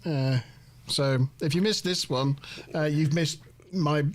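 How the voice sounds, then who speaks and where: A man hosts a casual review podcast, talking through the episode in a loose, meandering way. His voice sits a little high for a man, and he pads his sentences with ums and uhs while joking at his own expense. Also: takes it slowly. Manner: rambling, self-deprecating, heavy on fillers. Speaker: host of a TV review show.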